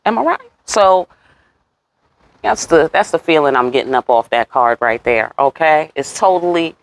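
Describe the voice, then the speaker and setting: A woman giving a casual tarot reading. She talks straight to the viewer with a lot of attitude and cursing, and jumps up in pitch on her rhetorical questions. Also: expressive, unhurried. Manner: sassy, talks straight to viewers, curses freely. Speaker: tarot reader.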